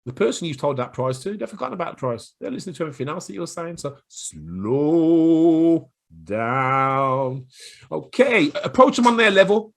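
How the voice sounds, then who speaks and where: A middle-aged man with a Black Country accent giving chatty sales advice to camera, now and then acting out quick voices of callers and of himself. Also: high-pitched, lively intonation, vocal fry, a bit bright, slightly rough. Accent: Black Country English. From Black Country, England. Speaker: sales trainer.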